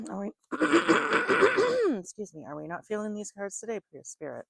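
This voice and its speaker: A woman's voice: on the high side, sing-song, slow, vocal fry, a bit bright, slightly rough, dry recording, clean studio sound. A woman in casual chat who reads tarot cards, talking chattily and laughing often between remarks. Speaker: tarot reader.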